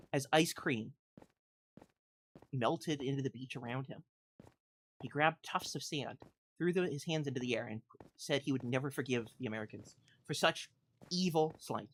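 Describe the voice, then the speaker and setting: A woman streaming a game, telling a mock-epic tale in a theatrical way, swinging from loud declarations to hushed asides and laughing often. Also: extremely low pitch, moderate pace, long pauses, slightly rough.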